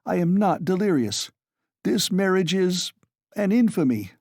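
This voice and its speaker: A man's voice: high-pitched, expressive, a little slow, darkish tone, dry recording, clean studio sound, voice pushed up, exaggerated voice. A man reading an audiobook, voicing a feverish, overwrought young man who talks in agitated, insistent bursts. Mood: irritable.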